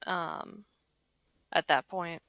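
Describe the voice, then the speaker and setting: A woman's voice: lowish voice, fairly even intonation, drawn-out words, creaky, fairly bright tone, no echo. A woman playing in a tabletop game, chatting casually and making wry asides. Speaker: player.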